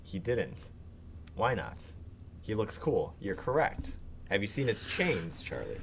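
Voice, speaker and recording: A man's voice: fairly low pitch, huge pitch swings, a little slow, vocal fry, very noisy. A man co-hosting a casual comics chat on a live stream, rambling with lots of fillers and dry jokes. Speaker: co-host.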